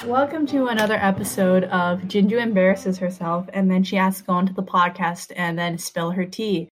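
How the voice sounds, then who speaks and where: A woman's voice: mid-range voice, steady tone, normal speed, faint music behind. A young woman hosts a casual podcast and tells an embarrassing story in loose, rambling chat. She fills her sentences with "like" and keeps an easygoing, mid-range voice. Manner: rambling, heavy use of "like". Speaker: podcast host.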